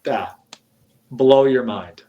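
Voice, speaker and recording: A man talks casually as a guest on a chat show, his voice sitting at an ordinary middle pitch. He is animated and swears freely, with laughter breaking into his talk. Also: slow pace, muffled recording, slight background noise.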